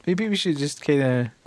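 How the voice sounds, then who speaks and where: A man's voice: fairly high pitch, a little mellow. A Scottish man streaming a horror game live, reacting with frequent laughs and startled exclamations.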